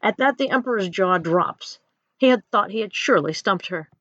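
A woman narrating a children's story aloud in an expressive storytelling manner. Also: mid-range voice, normal speed, dry recording, muffled recording.

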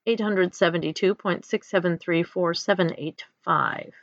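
A woman's voice: fairly low pitch, moderate pace, dry recording, muffled recording, natural voice. A woman voicing a wise math teacher who speaks firmly and matter-of-factly in a storybook reading.

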